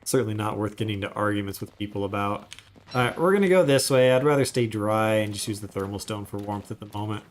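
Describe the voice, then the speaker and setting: A man's voice: lowish voice, quick pace, slight background noise. A man chatting casually while he livestreams a game, rambling into asides as he plays. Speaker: gaming streamer.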